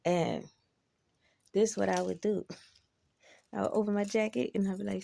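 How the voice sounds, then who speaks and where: Woman just chatting to camera, slow drawl, lots of fry in the voice, cusses a lot and goes off on tangents. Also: medium pitch, animated, warm tone. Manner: laid-back, swears freely, rambling asides. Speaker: vlogger. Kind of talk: casual storytelling.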